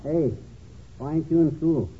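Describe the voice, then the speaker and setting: An actor playing a boastful husband who spins tall tales and tongue twisters in 1940s radio comedy. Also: male voice, a little high, a little slow, a little hiss or hum, lightly acted. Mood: bragging. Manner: blustering, tongue-twisting wordplay. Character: boastful tall-tale-telling middle-aged husband. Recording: tinny old radio broadcast.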